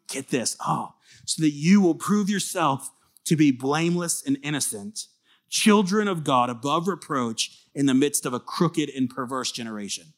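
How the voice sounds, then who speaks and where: Speaking at normal speed in a voice on the high side, a male pastor delivers a sermon. His earnest, conversational style shifts from forceful outbursts to quiet, intimate asides.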